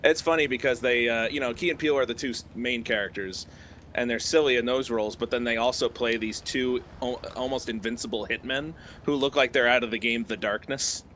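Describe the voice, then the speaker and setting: A man co-hosting a live game stream, chatting casually and animatedly, his voice leaping up when excited and laughing often. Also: medium pitch, fairly quick, a little hiss or hum. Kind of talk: casual chat.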